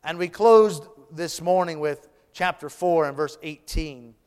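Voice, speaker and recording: Man, pastor, sermon, high voice, smooth and resonant, long reverb of a church hall. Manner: preaching cadence, drawn-out phrases trailing off soft.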